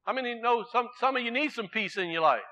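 A man preaching a sermon in a folksy way, swinging from emphatic declarations to quiet storytelling. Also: very high voice, lively intonation, fast talker.

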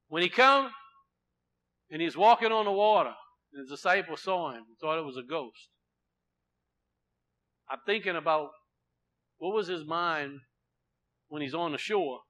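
A man preaches a sermon in a high, bright, forceful voice, alternating loud proclamations with quiet, low asides. He frequently repeats words for emphasis, and the audio quality is poor.

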